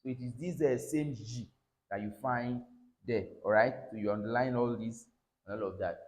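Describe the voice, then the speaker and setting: A man's voice: mid-range voice, normal speed. A man teaching a pronunciation lesson, repeating words and checking in with "all right?". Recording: echoey room.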